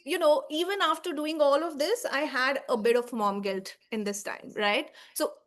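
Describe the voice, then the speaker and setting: A woman's voice: on the high side, a bit bright. A woman in her thirties, a baby sleep coach, giving a heartfelt talk to mothers, earnest and reassuring, often checking in with "right?" and "okay?". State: emotional, tearing up.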